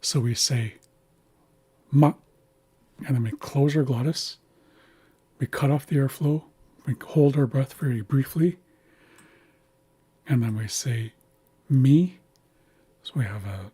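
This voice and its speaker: A man guides learners through a pronunciation lesson at a deliberately slow pace, repeating each word with care. His voice is heavily breathy and husky, with a mellow, relaxed warmth. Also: mid-range voice. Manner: patient, deliberate, models words slowly and repeats them. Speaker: language teacher. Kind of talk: slow instructional walkthrough.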